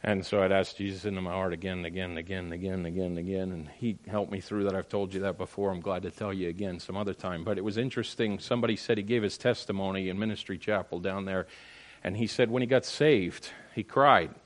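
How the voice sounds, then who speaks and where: A middle-aged man preaching a sermon as pastor, animated and emphatic, firing rhetorical questions at the congregation. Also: deep voice, quick pace. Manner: animated preaching, rising to loud emphatic peaks.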